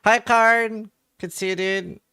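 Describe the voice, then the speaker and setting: A man's voice: high voice, fairly even intonation, measured pace, bright, forceful tone, clear, resonant tone. A man from England chatting casually with viewers on a live stream, joking around.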